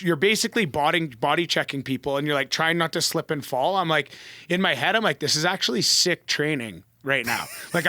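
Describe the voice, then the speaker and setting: Bright-voiced man telling a lively story. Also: fairly high pitch, no echo. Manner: animated, heavy use of "like" fillers. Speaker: pro athlete guest. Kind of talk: casual storytelling.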